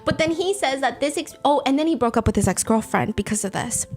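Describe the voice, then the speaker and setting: A woman host talks through a story in a lively, expressive way, her voice sitting a little higher than most. She throws herself into the telling and acts out the people she quotes. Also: fast, faint music behind. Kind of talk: storytime commentary.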